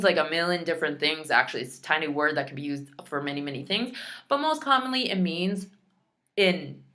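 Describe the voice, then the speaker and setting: A woman teaching a recorded Spanish lesson, slowly drilling words and repeating each one, with chatty asides between drills. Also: lowish voice, fairly bright tone. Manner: slow, careful pronunciation drills, repeating each word.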